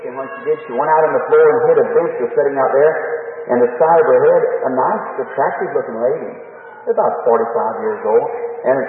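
A man preaching a sermon, telling a testimony dramatically and slowing down for emphasis. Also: fairly high pitch, a little hiss or hum. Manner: dramatic storytelling, slows for emphasis. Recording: echoey hall, phone-like, from far off.

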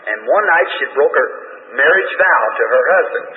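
Folksy preacher on a tinny old recording. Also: male voice, fairly high pitch, animated, normal speed. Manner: folksy, conversational testimony with quoted dialogue. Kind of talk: sermon storytelling. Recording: tinny, distant, echoey old hall recording.

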